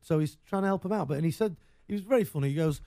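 A man's voice: on the high side, very fast, vocal fry, mellow, dry recording. An English man hosting a radio show, chatting casually with rambling, jokey banter.

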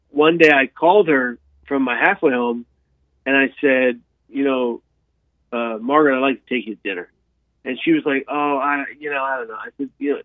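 A man telling a long personal story in an interview, animated, with frequent restarts and repeated words. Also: mid-range voice, no echo. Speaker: guest sharing his life story. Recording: dry tinny phone-like sound.

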